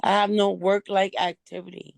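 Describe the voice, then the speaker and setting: A woman calling into a sobriety call with a hoarse, strained voice, speaking frankly and earnestly. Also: mid-range voice, little pitch movement, normal speed. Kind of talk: candid personal sharing.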